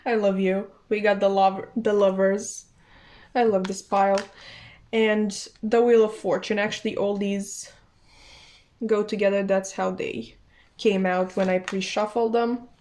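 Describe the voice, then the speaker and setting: A young woman giving a casual tarot reading, taking her time over each card. She talks slowly and in a chatty way, thinks aloud, restarts her sentences and apologizes often, in a voice of middling pitch. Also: level tone, a little mellow, a little hiss or hum. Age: young adult. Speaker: tarot reader.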